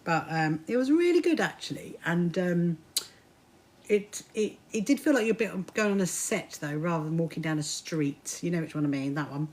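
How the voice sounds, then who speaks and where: A woman's voice: fairly low pitch, animated, moderate pace, darkish tone. A woman with a mixed Kentish and Sussex English accent, chatting casually with livestream viewers while she sews, greeting them by name and laughing often. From south coast of England. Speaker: livestream host. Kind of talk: casual chat while sewing.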